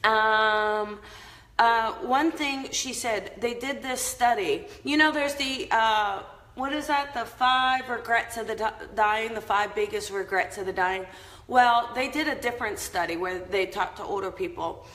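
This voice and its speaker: A woman's voice: fairly high pitch, measured pace, fairly bright tone, roomy sound, low-quality recording. A woman hosting a casual live-stream chat, upbeat and chatty, laughing often as she talks to her viewers. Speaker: host of a live inspirational show.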